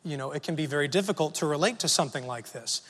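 A man preaching a sermon and telling a personal story in a relaxed, conversational way, often asking the audience questions. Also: a little high, fast, big-room sound.

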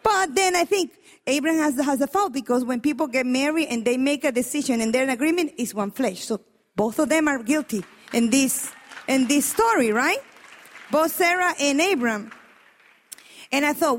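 A woman preacher delivering an emphatic, animated sermon and questioning her congregation. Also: high voice, normal speed, in a large hall.

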